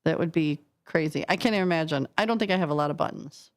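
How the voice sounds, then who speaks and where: A woman hosting a casual radio chat in a studio, talkative and quick to laugh, firing off questions. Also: sits low. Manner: chatty and giggly, quick questions. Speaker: radio host. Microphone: studio microphone.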